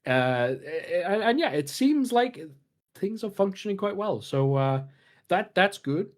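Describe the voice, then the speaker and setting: Talking game strategy as a co-host on a gaming podcast, this man goes on at length in a relaxed chat, frequently stopping and restarting with fillers. He speaks unhurriedly in a high-pitched voice that swings widely in pitch.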